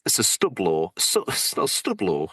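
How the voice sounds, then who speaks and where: Male podcast co-host, bright lowish voice, dry sound; playful, teasing, digressive. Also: wildly swooping pitch, normal speed, slightly rough, dry recording. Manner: playful, teasing, rambling with jokey asides. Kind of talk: casual banter, reading out supporter thanks.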